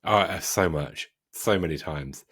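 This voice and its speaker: A man's voice: sits low, unhurried, a bit bright, slightly rough. A man with a British accent, hosting a podcast and chatting in a casual, self-deprecating way. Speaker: podcast host. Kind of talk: casual conversation.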